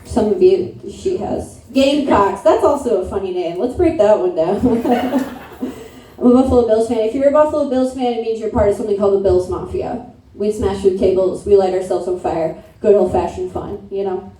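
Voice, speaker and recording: A woman's voice: mid-range voice, moderate pace, dark tone. A woman in her thirties from upstate New York doing a brash, crude, self-mocking stand-up set in a comedy club. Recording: echoey room, mic from a distance.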